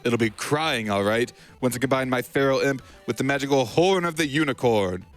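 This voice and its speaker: A man's voice: mid-range voice, normal speed, soft background music, close to an everyday voice. A man doing an earnest teen duelist. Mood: determined. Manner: dramatic exclamations. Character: earnest teenage boy duelist.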